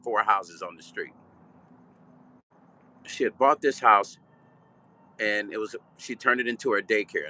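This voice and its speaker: An older man from Chicago telling a personal story in a vivid, blunt, street-style way. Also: medium pitch. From Chicago, Illinois. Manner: vivid, animated storytelling, repeating "right?". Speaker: vlog host and musician.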